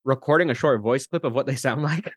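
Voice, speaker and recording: A man chatting as a guest on a casual podcast, animated and playful. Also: medium pitch, a little fast, slightly rough, dry recording, clean studio sound. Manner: animated and playful, laughs easily.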